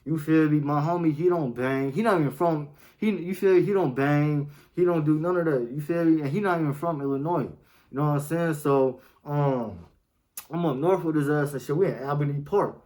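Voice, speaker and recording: A man's voice: fairly high pitch, moderate pace, a little mellow, low-quality recording. A young man, telling a story in casual, slang-heavy talk and often asking "you feel me.". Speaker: storytime vlogger.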